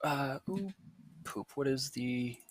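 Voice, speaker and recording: A man's voice: medium pitch, takes it slowly, slight background noise. A man narrating as game master, with lots of fillers as he thinks aloud.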